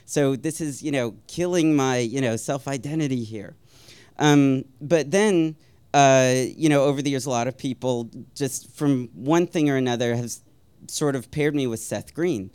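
Smooth-voiced man telling a wry story. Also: mid-range voice, moderate pace. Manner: wry, self-deprecating, with soft chuckles; rambling, with frequent ums and uhs. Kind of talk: personal storytelling.

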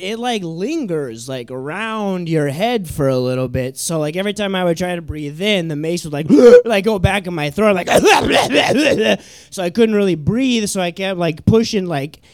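A young man telling a stand-up story, animated and laughing, with many "like"s. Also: high voice, normal speed, few pauses, clear, resonant tone, no echo, studio quality. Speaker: stand-up comedian.

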